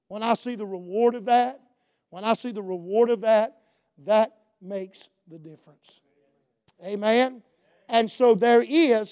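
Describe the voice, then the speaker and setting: Male preacher with a very high voice; shouts his points and drops low for asides, pausing on "Amen.". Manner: swings between loud shouted preaching and low quiet asides; punctuates with "Amen" and calls to the congregation. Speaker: pastor. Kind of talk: sermon.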